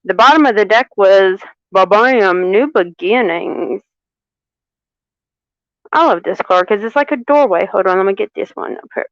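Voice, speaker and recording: A woman giving a live tarot reading, unhurried and repeating phrases for emphasis. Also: medium pitch, no room sound, muffled recording. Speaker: tarot reader.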